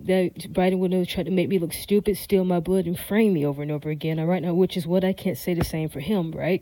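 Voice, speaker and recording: A woman's voice: on the low side, warm tone, dry recording, poor audio. A woman vlogger talking straight to her viewers in a rambling monologue, emphatic and defiant, looping back to the same catchphrases and checks for agreement. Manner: emphatic, repeats "all right, now" and "does that make sense?"; defiant, insistent tone. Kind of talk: rambling direct-to-camera monologue.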